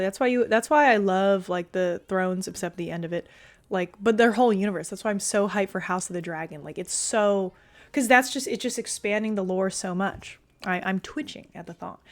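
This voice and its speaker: A young woman streaming and chatting casually with her viewers, loose and talkative, full of fillers and casual swearing. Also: mid-range voice. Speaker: streamer reading chat.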